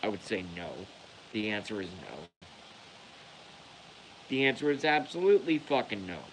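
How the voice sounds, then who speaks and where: A man's voice: mid-range voice, very animated, normal speed, a little hiss or hum, poor audio. A man delivering a heated, profane rant to the camera as a vlogger. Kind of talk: angry rant.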